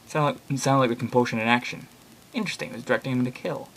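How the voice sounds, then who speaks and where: Young guy reading creepy blog posts out loud, rambles a lot, opinionated, swears here and there. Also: mid-range voice, fast talker. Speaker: reader and commentator of online horror blogs. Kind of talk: casual reading aloud with commentary.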